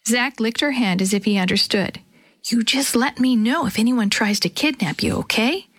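A woman reading a children's chapter book aloud, telling the story gently and lightly voicing the characters. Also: medium pitch, dry recording. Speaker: storybook reader.

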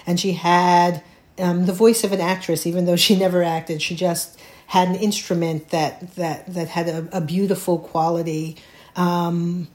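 A middle-aged woman, a playwright, telling a personal story in an interview, thoughtful and halting, with many restarts. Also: on the low side, darkish tone. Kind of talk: reflective conversational storytelling.

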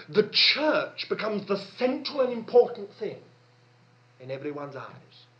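A man preaches a sermon with emphatic delivery, repeating phrases for stress. His high, fairly bright voice comes through a dull lo-fi sermon recording.

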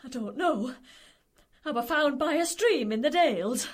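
A pompous, theatrical lady from a comedy radio drama, played by a woman, her northern English accent showing through the airs. Her voice sits high and swings wildly up and down. Everything comes out melodramatic. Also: lively intonation, a little slow. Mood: tearful. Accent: northern English, slipping through. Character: pompous middle-aged woman hiding a northern past.

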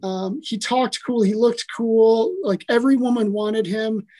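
A man from Milwaukee sharing his personal testimony as a podcast guest, earnest and animated, often restarting his sentences. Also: extremely high pitch, unhurried. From Milwaukee, Wisconsin, USA. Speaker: podcast guest, author and coach. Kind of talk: casual personal testimony in an interview.

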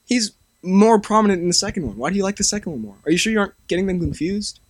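A man's voice: sits high, animated, rapid-fire, no room sound. A young man hosting a podcast, chatting casually, laughing often and restarting sentences. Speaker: podcast host. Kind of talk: casual chat.

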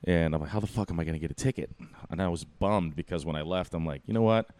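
A man casually telling a story about his bartending job, animated, acting out the quotes, with plenty of swearing. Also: low-pitched, fast talker, dry recording. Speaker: bartender and podcast guest.

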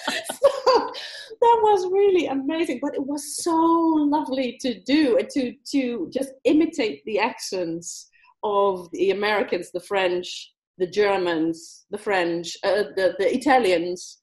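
A woman guest telling a story in a casual interview, animated, laughing often and mimicking accents. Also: on the high side, measured pace, roomy sound. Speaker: guest speaker.

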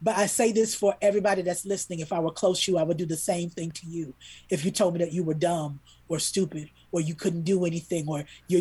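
A woman's voice: on the low side, a little mellow, slightly rough. A woman, a children's book author and illustrator, telling a heartfelt story as a podcast guest, earnest and emotional, repeating words when moved.

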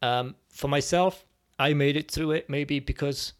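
A man as a podcast guest, speaking reflectively and hesitantly with many pauses as he tells his personal story. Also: fairly high pitch. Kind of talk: personal testimony in conversation.

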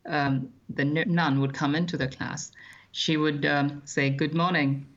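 A man, recounting his childhood as an interview guest in a measured, thoughtful way with frequent hesitations. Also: a little high, flat delivery, highs cut off. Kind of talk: reflective personal storytelling.

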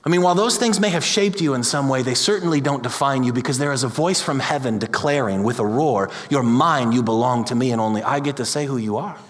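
A pastor preaching a sermon with passion, building his voice up to loud peaks. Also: mid-range voice, fast, few pauses. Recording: large hall with long reverb.

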